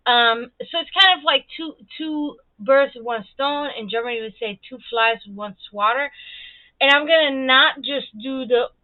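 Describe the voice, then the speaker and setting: A woman's voice: a little high, no room sound. A woman from Serbia, chatting casually on her livestream while she paints, rambling and swearing as she vents. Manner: rambling, heavy swearing, animated venting. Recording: tinny phone-like dry sound.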